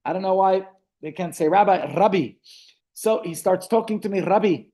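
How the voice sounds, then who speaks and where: A man, a rabbi telling stories in a relaxed class held over a video call, often stopping to restart his sentences. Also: high voice, brisk. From South Africa. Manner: chatty storytelling, frequent restarts. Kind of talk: online Torah class.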